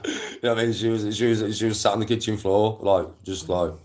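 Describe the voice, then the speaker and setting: A man holds forth on a casual live stream. His voice sits very low, and he rambles through stories loaded with slang and swearing. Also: fast.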